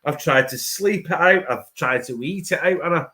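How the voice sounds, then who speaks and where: A man hosting a live stream, rambling and swearing as he tells stories and says he feels rough. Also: fairly high pitch, moderate pace, pushed and bright. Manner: rambling, swears a lot, restarts. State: feeling rough, unwell. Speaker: stream host. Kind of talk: casual chat on a live stream.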